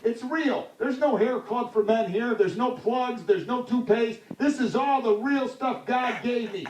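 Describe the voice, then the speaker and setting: A high-pitched man in his forties hosting a call-in sports show, quick to snap into angry insults. He sits back from the mic, so his voice carries a roomy echo. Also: recorded from a distance, a little hiss or hum. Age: 40s. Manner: angry, insulting rants at callers. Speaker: sports talk show host.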